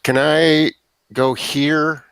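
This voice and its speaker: A man's voice: a little high, flat delivery, drawn-out words, a bit bright, clear, resonant tone, no room sound. A man playing a tabletop game who talks through his moves playfully and acts out sound effects. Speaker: player.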